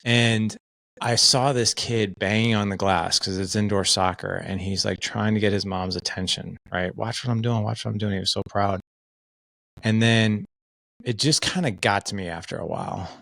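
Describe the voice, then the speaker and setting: A middle-aged man, a podcast guest, telling stories in an earnest, animated way with plenty of filler words. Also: on the low side, moderate pace, vocal fry, dry recording. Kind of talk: casual conversation.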